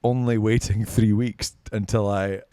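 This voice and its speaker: A man's voice: lowish voice, fairly even intonation, a little slow, warm tone, clear, resonant tone, no echo, studio quality. A man with a Scottish accent, a podcast guest telling stories in casual chat, swearing and self-mocking. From Scotland. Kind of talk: casual storytelling.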